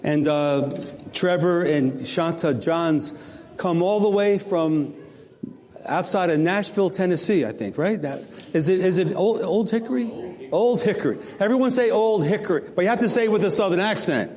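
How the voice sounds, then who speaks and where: A man's voice: high voice, moderate pace, a little mellow. A man leading church announcements as pastor, chatty and joking with the congregation. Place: church sanctuary. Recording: long hall reverb.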